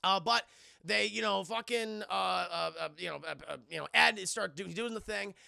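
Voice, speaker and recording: A man chats loosely with his viewers while recapping a film, cursing freely and wandering off mid-sentence. His voice is high for a man, bright and edgy, and full of gravelly vocal fry. The sound is dry and close. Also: normal speed, no room sound. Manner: profane, rambling, talks to chat. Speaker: streamer reviewing a film. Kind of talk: casual live-stream chat.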